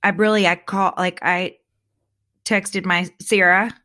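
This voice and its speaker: A woman hosting a podcast, telling stories in a rambling, animated way and acting out what people said. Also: fairly low pitch, slow pace. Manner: rambling, animated storyteller who acts out quotes. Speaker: podcast host. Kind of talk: casual chat.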